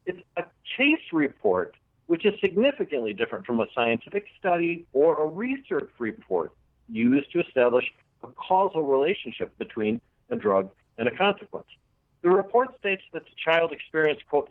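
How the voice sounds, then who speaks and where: A radio show host reads cannabis news items and quotes, tossing in sarcastic asides. His medium-pitched voice comes through dry, tinny, phone-like radio audio.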